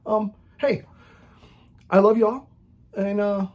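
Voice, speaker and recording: Guy ranting at the camera, husky kinda breathy voice, blunt and preachy, stumbles and restarts a lot. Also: sits high, steady tone, slow pace. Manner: blunt, preachy, repeats "okay?", many restarts. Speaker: Christian video maker. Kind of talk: impassioned direct-to-camera rant.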